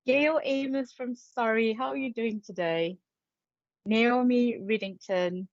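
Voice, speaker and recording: A woman's voice: on the high side, slow, dry recording, dull audio. A woman hosting as a psychic medium, greeting viewers by name in a chatty, playful way. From England. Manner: chatty and playful, laughs often. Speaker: psychic medium and spirit artist. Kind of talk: live-stream chat greeting viewers.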